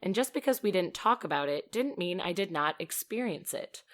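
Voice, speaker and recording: A woman co-hosting a podcast in casual chat, chatty and expressive, laughing often as she reads a listener's email aloud. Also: lowish voice, moderate pace. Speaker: podcast co-host.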